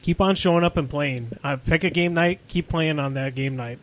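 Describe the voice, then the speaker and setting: A man co-hosting a casual podcast who gives steady, plain-spoken advice, with frequent you-knows. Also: fairly high pitch, moderate pace, a little hiss or hum, low-quality recording. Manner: steady, repetitive advice with you know fillers. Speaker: podcast co-host.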